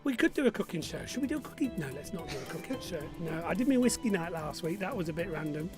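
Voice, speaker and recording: Chatty high-voiced quiz host. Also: male voice, very animated, quick pace, music in the background. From Burnley, Lancashire, England. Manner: chatty, reads out viewer messages and jokes. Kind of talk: live-streamed pub quiz chat.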